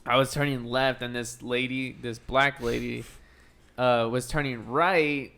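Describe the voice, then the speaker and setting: A man co-hosting a casual podcast chat, rambling through stories and swearing freely. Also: a little slow. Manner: rambling storytelling, heavy swearing; lively, jumps into high voices when quoting. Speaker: podcast co-host.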